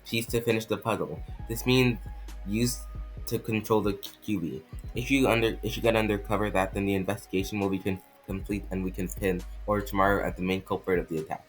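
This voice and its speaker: A man voicing a calm, measured old village leader with a put-on French accent, reading haltingly with restarts. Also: on the low side, soft background music, lightly acted.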